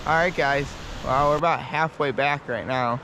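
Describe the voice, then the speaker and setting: A man's voice: medium pitch, normal speed, background noise. A man hosting a casual fishing vlog outdoors by a winter river, talking plainly and matter-of-factly to his viewers. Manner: relaxed, matter-of-fact, signs off to viewers. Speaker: fishing channel host.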